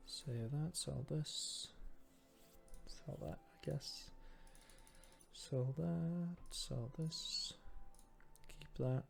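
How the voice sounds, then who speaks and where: A man's voice: on the high side, fairly even intonation, extremely slow, vocal fry, soft background music. A man whose first language is Norwegian, murmuring his thoughts aloud and musing in a self-deprecating way while he plays a game. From Norway. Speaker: gamer. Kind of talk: casual gameplay commentary.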